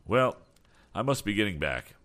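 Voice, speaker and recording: A man's voice: fairly low pitch, sing-song, normal speed, a bit bright. A man reading an audiobook, voicing a polite, persuasive male business agent. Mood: coaxing. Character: smooth persuasive middle-aged male agent.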